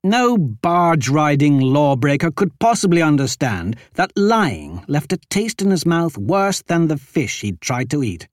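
A man narrating a fantasy audiobook in a lively, expressive reading. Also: fairly high pitch, measured pace, few pauses, dry recording, clean studio sound.

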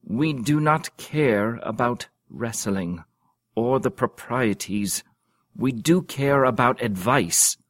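A man's voice: mid-range voice, expressive, slow, fairly bright tone, no room sound, pitched above the performer's own voice. A man playing a stern young king. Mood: kingly. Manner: formal, commanding.

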